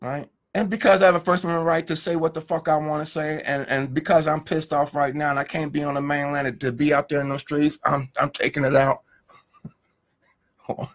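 A man's voice: fairly high pitch, little pitch movement, normal speed. A middle-aged man, a law professor, ranting angrily and profanely on a live video feed, firing off rhetorical questions and repeating words as he goes. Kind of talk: heated live-stream rant. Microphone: phone or webcam, live video feed.

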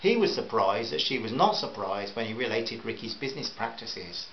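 A man reading a novel aloud at a measured pace with small stumbles, in a roomy, slightly dull recording with faint hiss. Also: mid-range voice, big pitch swings. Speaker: audiobook narrator.

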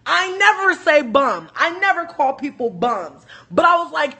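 A woman telling a story on a casual livestream, animated, joking and profane. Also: high voice, moderate pace, hardly any pauses. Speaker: livestream host.

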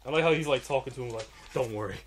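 A man joking through casual game commentary with a friend, acting out characters' lines loudly and swearing. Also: mid-range voice, rapid-fire. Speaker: co-host watching a video game.

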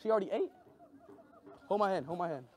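A young man chatting excitedly on a vlog, his voice sitting very high and swooping up and down with lively energy. He talks loud, bursts into shouts, and keeps the energy wild throughout. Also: fast talker, some chatter behind, a little hiss or hum. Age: young adult. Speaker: streamer.

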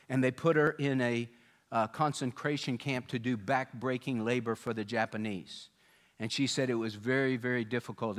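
Pastor, male, mid-pitched voice, storytelling sermon delivery, animates quoted speakers. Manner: storytelling, voicing quoted people with rising pitch and volume.

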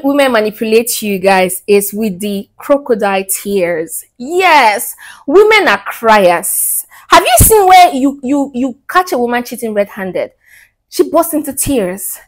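A young woman giving casual relationship advice to men, lively and blunt, acting out the people she quotes. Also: sits high. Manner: animated, mocking quoted voices, laughs.

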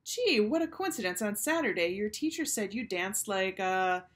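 A woman's voice: medium pitch, animated, natural voice. A woman voicing a chatty, nervous little first-grade girl in a storybook read-aloud, hesitant and stammering. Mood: fibbing. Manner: hesitant, stammering, talks fast when cornered.

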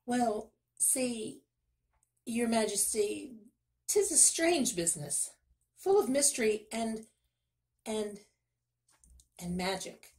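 Woman doing a fast-talking fat miller in a storybook, nervous, fibbing, voice pushed up high. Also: lively intonation, darkish tone. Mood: nervous wheedling. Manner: eager, fast-talking, flustered. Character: blustering fat male miller, nervous liar.

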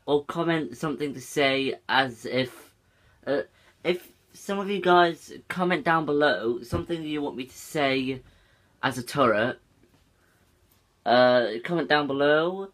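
A man's voice: on the high side, a little slow, fairly bright tone. A young man chatting casually for a vlog, rambling and swearing often. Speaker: YouTuber.

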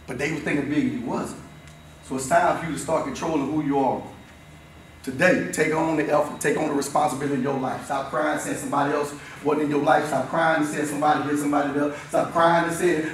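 Emphatic fifty-something man in echoing locker room. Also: a little fast. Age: 50s. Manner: emphatic and repetitive, swings between shouting and low intensity. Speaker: motivational speaker. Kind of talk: motivational locker-room talk. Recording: very echoey room, voice far off, faint noise.

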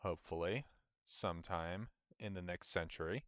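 In a dry, studio-quality recording, an American man streams a game at a moderate pace, his low-pitched voice fairly bright. He grumbles at what's happening, jokes at his own expense and laughs often in casual commentary.

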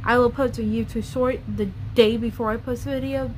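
A woman's voice: on the high side, fairly even intonation, a little fast, slight background noise. A woman YouTuber ranting bluntly and profanely in a casual vlog.

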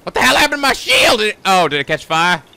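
A man's voice: high-pitched, huge pitch swings, fast, gravelly, bright, forceful tone. A man giving casual gameplay commentary, joking and swearing with frequent outbursts. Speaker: gaming video host.

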